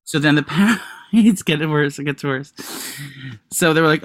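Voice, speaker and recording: A man co-hosting a podcast tells stories in loose, rambling bursts during casual chat, with crude asides and restarts. His voice is fairly high and fairly bright, at normal speed, with no room sound.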